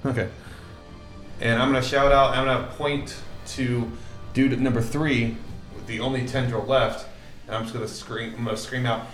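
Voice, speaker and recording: A man's voice: mid-range voice, level tone, normal speed. A man playing a tabletop game, talking casually and thinking aloud. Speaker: player. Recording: echoey room with faint music.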